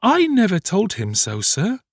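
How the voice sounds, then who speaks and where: A man's voice: sits high, huge pitch swings, a little slow, a little mellow, no room sound, studio quality, voice pushed up, full character voice. Man doing a timid, frail orphan boy. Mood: earnest.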